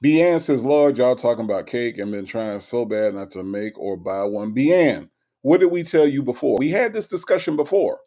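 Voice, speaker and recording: A man hosting a casual livestream, reading viewers' comments aloud and answering them in an animated way, jumping high for emphasis and then dropping low. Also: normal speed. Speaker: livestream host reading chat.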